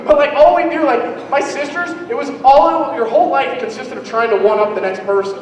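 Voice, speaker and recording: High-voiced young guy doing stand-up. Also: moderate pace, far from the mic, dull audio, slight background noise. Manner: rambling, self-deprecating storytelling. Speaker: stand-up comedian. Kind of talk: stand-up routine. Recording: echoey hall, mic heard from afar.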